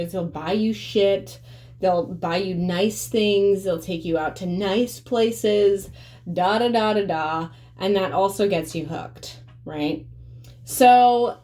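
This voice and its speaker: A woman's voice: medium pitch, a little mellow. A woman vlogging to camera in a blunt, profane, emphatic way, rambling with fillers. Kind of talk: casual monologue to camera.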